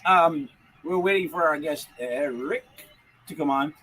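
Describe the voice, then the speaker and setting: A man's voice: a little high, unhurried, sharp tone, low-quality recording. A man hosting a podcast in a rambling, joking manner, full of restarts. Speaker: podcast host. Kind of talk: casual podcast chat.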